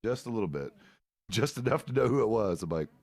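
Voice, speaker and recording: A man's voice: lowish voice, animated, fast talker, a little mellow, dry recording. A middle-aged man, a roleplay streamer, chatting out of character in a laid-back, rambling, profane way. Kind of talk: casual out-of-character chat.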